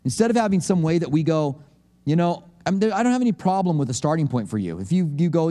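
Joking pastor in an echoing hall. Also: male voice, sits high, sing-song, fast, dark tone. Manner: conversational, joking, acts out quotes. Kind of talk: sermon.

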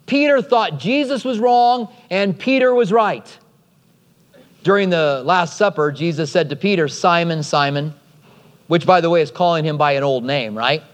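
A man preaching a sermon in a lively, conversational way, with joking asides. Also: on the high side, moderate pace. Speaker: pastor. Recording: long hall reverb.

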